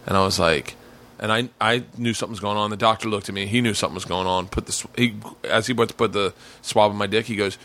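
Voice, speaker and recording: A man's voice: on the low side, quick pace. A man hosting a casual podcast chat in a man cave, telling stories and acting out the other people in them. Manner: animated storyteller acting out quotes. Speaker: podcast host. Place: home basement man cave.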